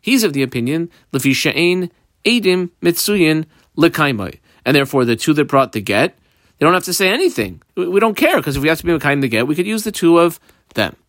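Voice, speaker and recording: A man teaching a Talmud lesson step by step, reading Aramaic phrases and explaining them in English with lively jumps in pitch. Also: no room sound, clean studio sound. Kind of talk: daf yomi Talmud lesson.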